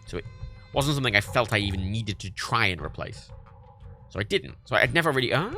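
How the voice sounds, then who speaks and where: A man chatting casually while streaming a video game, swearing freely and jumping high in pitch when indignant. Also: sharp tone. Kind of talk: casual gaming stream chat.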